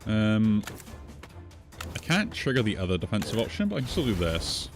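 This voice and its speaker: A man's voice: fairly low pitch, big pitch swings, moderate pace, over music. A man casually commenting on his own gameplay, thinking aloud as he plays. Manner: musing, thinks aloud while playing. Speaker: gaming streamer.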